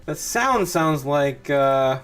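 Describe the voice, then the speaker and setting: Host, male, slightly higher-pitched voice, casual rambling chart commentary with wry asides, faint music under him. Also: animated, takes it slowly, a bit bright. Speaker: crypto show host.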